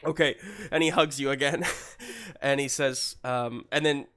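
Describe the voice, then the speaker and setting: A man's voice: mid-range voice, animated, measured pace, fairly bright tone, clean tone. A man narrating a tabletop game as game master, hesitant and chuckling often. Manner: hesitant, filler-heavy, chuckling.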